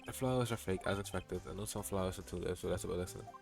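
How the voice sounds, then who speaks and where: Low-ish voiced guy streaming a game, joking around, quiet music behind. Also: very fast, vocal fry. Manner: wry, joking asides. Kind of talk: casual let's-play commentary.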